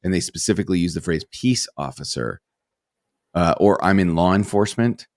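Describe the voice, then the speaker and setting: Male podcast co-host, ex-narcotics cop, low voice, measured and wry, dry close mic. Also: steady tone, darkish tone, dry recording. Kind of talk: casual storytelling.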